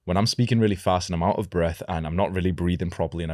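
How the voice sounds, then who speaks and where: A young man coaching viewers in a direct-to-camera vlog, instructive and deliberate, demonstrating his own voice as he explains. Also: deep voice, steady tone, darkish tone, dry recording, clean studio sound. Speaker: self-improvement coach.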